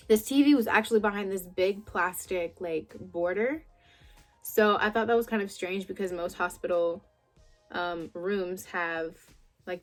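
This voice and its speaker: Young woman telling a story, animated. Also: medium pitch. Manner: animated retelling with quoted dialogue, frank and blunt. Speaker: vlogger. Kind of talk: casual storytelling to camera.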